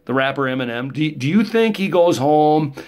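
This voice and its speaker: Middle-aged minnesota guy rambling thru a story, jokey, rough around the edges. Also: fairly high pitch, lively intonation, moderate pace, a little mellow. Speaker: vlogger. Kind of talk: casual monologue.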